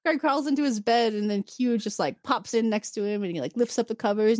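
Woman, casual chat, animated episode recap, acts out lines, laughs a lot, dry sound. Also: fairly high pitch, quick pace, no echo. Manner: animated storytelling, acting out characters' lines; laughs often. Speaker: podcast co-host.

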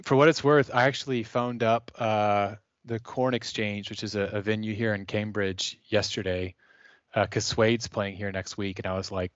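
A man's voice: on the low side, normal speed, no room sound. A man co-hosting a podcast in casual chat, talking enthusiastically. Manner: enthusiastic, excitable. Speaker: podcast co-host. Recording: dull lo-fi audio.

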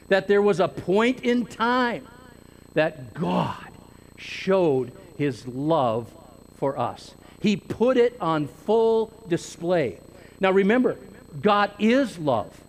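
Slow, high-voiced man preaching a sermon. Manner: deliberate, emphatic, stretches key words. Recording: long reverb with faint noise.

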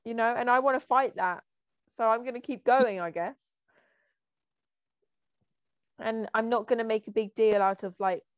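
A young woman co-hosting a podcast over a call, talking fast and freely with a self-deprecating edge. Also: a little high, no room sound. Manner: fast, chatty, self-deprecating, laughs often. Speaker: podcast co-host. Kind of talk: casual chat. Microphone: remote call.

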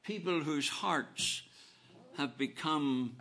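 A man preaching a sermon, earnest and emphatic, repeating phrases and swinging between soft and loud delivery. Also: on the high side, slow pace.

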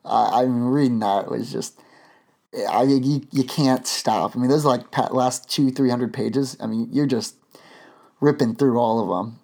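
A man's voice: medium pitch, fairly even intonation, normal speed, vocal fry, a little mellow. A man hosting a podcast, chatting casually and rambling with lots of fillers and restarts. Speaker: podcast host.

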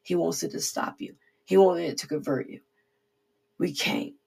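A woman's voice: lowish voice, moderate pace, gravelly, a little mellow, husky. A woman giving an informal devotional sermon in an earnest, repetitive, conversational way. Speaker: preacher.

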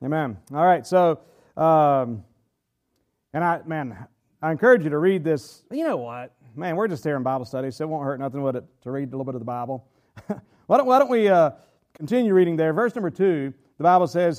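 A man with a high-pitched voice teaches a Bible study in an earnest, preaching style. He reads scripture with measured weight and drags out key phrases for emphasis. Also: animated, darkish tone. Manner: earnest, slows down hard to stress key phrases.

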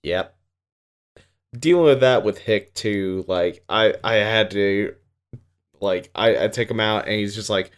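A man's voice: lowish voice, measured pace, pauses often, smooth. A man from Canada co-hosting a podcast, chatting casually and rambling with lots of fillers. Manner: laid-back, rambling with many fillers. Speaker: podcast co-host. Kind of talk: casual chat.

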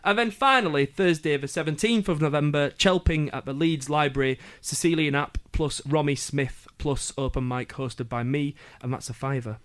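Yorkshire man, radio presenter, chatty with jokey asides, somewhat high pitch. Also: normal speed, hardly any pauses, fairly bright tone. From Yorkshire, England. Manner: chatty, jokey asides, frequent ums and uhs. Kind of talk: casual radio event listings.

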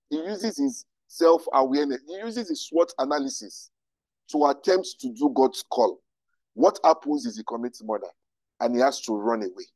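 A male pastor teaches a room of listeners. He keeps throwing rhetorical questions at them. His fairly high voice swoops constantly, and the sound is dry and close. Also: no room sound, rough recording. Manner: animated, rhetorical questions to the audience. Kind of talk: teaching talk to a live audience. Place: room with an audience.

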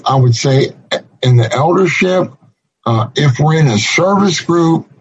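A man delivers a sermon at an unhurried, measured pace, his voice slightly husky and pitched a little above the usual. The recording sounds dull and lo-fi. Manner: slow, deliberate preaching with emphatic repetition. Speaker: preacher.

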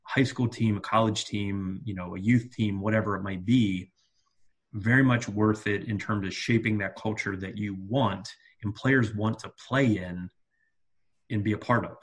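Brief: male podcast co-host, soccer coach, low husky voice, earnest and reflective, lots of ums. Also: fairly even intonation, moderate pace. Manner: earnest, reflective, many fillers and restarts. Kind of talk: casual podcast chat.

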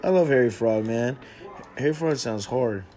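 A man's voice: mid-range voice, moderate pace, mellow, soft background music. A man hosting a casual podcast chat, laid-back and slangy, swearing freely. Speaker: podcast host.

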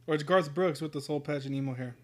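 A man's voice: on the high side, fast, darkish tone. A man in casual chat as a podcast co-host, swearing freely, laughing often and telling anecdotes.

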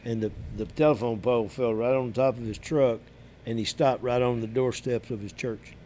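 A man, a podcast guest, telling a story in a casual, halting way. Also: medium pitch, steady tone, a crowd in the background.

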